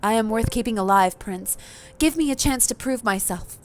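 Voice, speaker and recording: A woman's voice: a little high, moderate pace, slight background noise, natural voice. A woman voicing a condemned young vampire who is pleading for their life, urgent and pleading.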